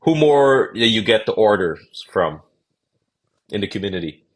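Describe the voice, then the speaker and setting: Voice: low voice, expressive, measured pace. A host asking questions in a casual interview, encouraging and full of small affirmations, often restarting questions.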